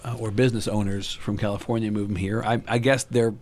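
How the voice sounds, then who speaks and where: A man's voice: on the low side, flat delivery, fast talker, a little mellow, slight background noise. Wry, opinionated man on a podcast. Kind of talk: casual political podcast chat.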